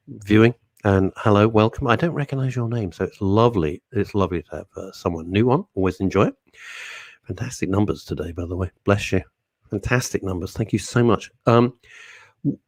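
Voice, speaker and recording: Brief: chatty male radio host, very animated delivery, dead-dry studio mic. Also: fairly low pitch, no echo. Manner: chatty, animated, jokey, talks to listeners by name. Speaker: radio talk show host. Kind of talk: casual chat reading listener comments.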